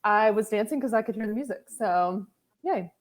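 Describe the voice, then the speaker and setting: A woman's voice: medium pitch, moderate pace, crowd noise. A young woman chatting casually on a podcast as guest co-host, giggly and eager to share trivia.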